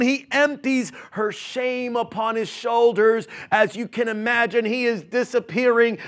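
A male preacher delivering a dramatic sermon, dropping to hushed whispers and rising to shouted climaxes. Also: sits high.

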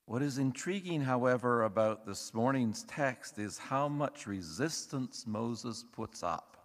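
Slow, measured preacher in an echoing church. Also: male voice, medium pitch, animated. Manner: measured, thoughtful delivery with wry asides. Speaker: pastor. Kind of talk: sermon. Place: church sanctuary. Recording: long reverb of a church hall.

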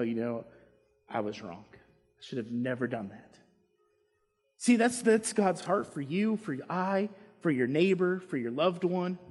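A pastor preaching a sermon in a church with impassioned delivery, dropping to quiet asides. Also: male voice, a little high, breathy edge. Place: church sanctuary. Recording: long hall reverb.

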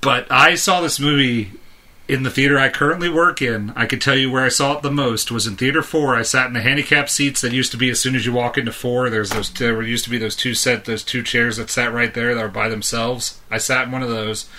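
A man's voice: mid-range voice, fairly even intonation, fairly quick, bright, forceful tone. A man in his thirties, a podcast co-host, telling a long rambling story in casual chat and chuckling often.

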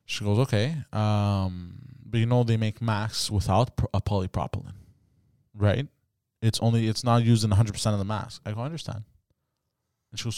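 A man's voice: lowish voice, darkish tone, clean tone, no room sound, clean studio sound. A man co-hosting a casual podcast, telling a story and acting out both sides of the conversation, swearing freely. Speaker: podcast co-host.

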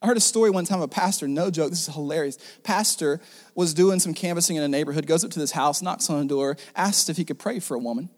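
A man preaching a sermon as pastor, animated and jokey, acting out the people in the story. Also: fairly high pitch, fast talker. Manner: animated, jokey, acts out the characters. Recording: long reverb of a large hall.

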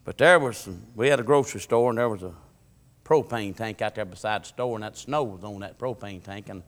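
A man preaching a sermon, moving between shouted, fervent lines and folksy stories. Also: fairly low pitch, brisk. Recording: long hall reverb.

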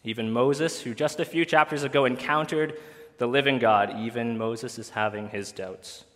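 A male pastor speaks to his congregation in a bright, forceful voice. He talks in a loose, conversational way, full of ums and restarts. His voice carries the long reverb of a church hall. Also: mid-range voice, normal speed. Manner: conversational, with frequent fillers and restarts. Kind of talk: sermon.

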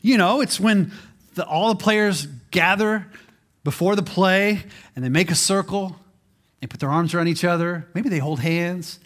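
A man's voice: high voice, moderate pace, a bit bright. A man in his forties preaching a sermon in a conversational way as pastor, often repeating words as he restarts.

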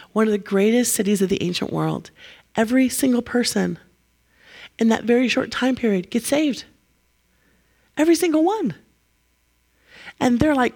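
A woman preaching a sermon in an animated storytelling way. She acts out the people in the story and laughs as she goes. Her voice sits at a medium pitch.

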